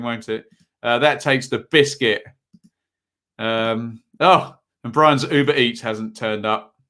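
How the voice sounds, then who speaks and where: A young man hosts a live football watch-along, chatting casually and rambling between bits of match commentary in a chatty, self-deprecating way. His voice is medium-pitched with a sharp tone.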